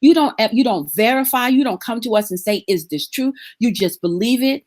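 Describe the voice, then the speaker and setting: A woman's voice: fairly high pitch, expressive, normal speed, darkish tone. A woman from Brooklyn, ranting bluntly and sarcastically in a casual chat. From Brooklyn, New York. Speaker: co-host.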